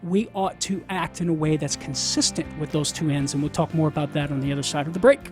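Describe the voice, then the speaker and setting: Soft music plays behind a Cajun-accented guest apologist on the radio who teaches ideas step by step and keeps checking in with "right?" His voice is on the high side and darkish, fast, with fairly even intonation.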